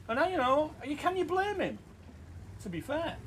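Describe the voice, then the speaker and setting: A man giving casual, sweary, excitable commentary over his own tank gameplay. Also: very high voice, normal speed, a little hiss or hum. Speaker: gaming commentator.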